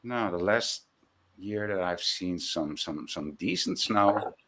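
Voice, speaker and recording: A man chatting casually as a guest, halting often and searching for words. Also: deep voice, bright, forceful tone. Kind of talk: casual chat.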